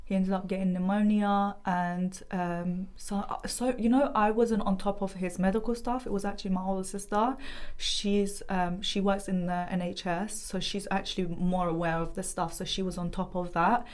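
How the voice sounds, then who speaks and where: A woman's voice: medium pitch, flat delivery, moderate pace, hardly any pauses. A young woman giving a personal testimony as a podcast guest, talking earnestly and rambling with many fillers.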